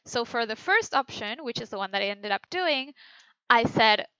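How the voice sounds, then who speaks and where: A woman's voice: a little high, lively intonation, normal speed, pushed and bright, clean tone, dry recording, highs cut off. A woman animator giving an informal teaching talk, explaining as she thinks aloud with many fillers and self-corrections. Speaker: animator teaching a feedback session.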